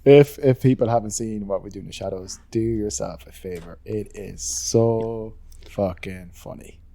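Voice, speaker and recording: A man's voice: on the low side, moderate pace, creaky, warm tone. A man co-hosting a podcast, chatting casually with enthusiasm, lots of fillers and swearing. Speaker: podcast co-host. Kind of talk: casual chat.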